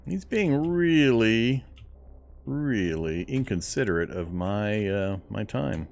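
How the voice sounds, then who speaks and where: A man's voice: fairly low pitch, very animated, slow, creaky, darkish tone, slight background noise. A man talking to himself while playing a game, chatty and laughing often as he comments. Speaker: gameplay commentator. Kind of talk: casual let's-play commentary.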